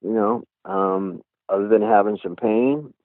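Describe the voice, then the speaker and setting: A man's voice: lowish voice, measured pace, no echo. A middle-aged man, a guest musician, talking candidly in an interview, rambling and leaning on "you know" again and again. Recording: tinny phone line.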